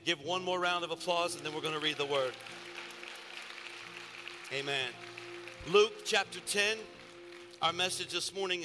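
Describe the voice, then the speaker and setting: Animated pastor preaching in a big hall. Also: male voice, mid-range voice. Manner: storytelling, playful and animated, calls out to the congregation. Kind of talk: sermon. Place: large church hall. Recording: live sermon in a reverberant hall with faint music.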